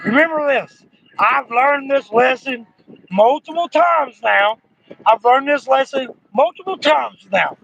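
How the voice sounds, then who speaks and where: A man's voice: very high-pitched, expressive, measured pace, creaky, a bit bright. A man in casual bar chat, emphatic and profane, repeating his points. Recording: muffled with faint noise.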